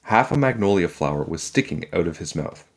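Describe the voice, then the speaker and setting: A man with a very low, deep voice reads a children's chapter book aloud. His storytelling is calm and measured, with an unhurried, even delivery. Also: creaky, slight background noise.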